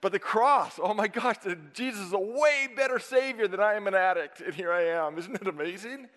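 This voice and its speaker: A man preaching a sermon to his congregation, emphatic and dynamic, swinging from loud stresses down to hushed asides. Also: high-pitched, brisk. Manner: emphatic, dynamic preaching with sudden drops to near-whisper. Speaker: pastor. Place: church sanctuary. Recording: long reverb of a church sanctuary.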